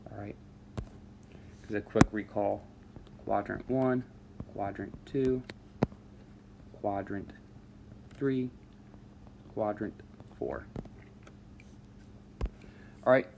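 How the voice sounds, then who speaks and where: Male math teacher, lower voice, easygoing step-by-step delivery, faint background hum. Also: drawn-out words, creaky, pauses often. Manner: relaxed, talks students through steps with frequent "all right". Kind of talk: screen-recorded math lesson.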